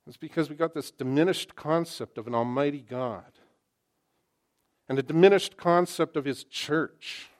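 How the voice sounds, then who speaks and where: A man preaching a sermon to his congregation, impassioned and full of rhetorical questions, swinging from loud to hushed. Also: a little high, moderate pace, pauses often. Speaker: pastor. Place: church sanctuary.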